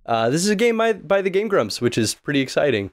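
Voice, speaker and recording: A man's voice: on the high side, sing-song, quick pace. Rambling man game-dev co-host. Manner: rambling, hedging with fillers. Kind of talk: casual let's-play chat.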